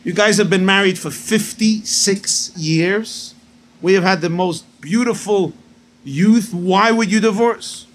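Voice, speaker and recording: A man's voice: high-pitched, slow pace, a little hiss or hum. A man voicing a grown son, a doctor, who is alarmed and pleading with his father. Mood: shocked.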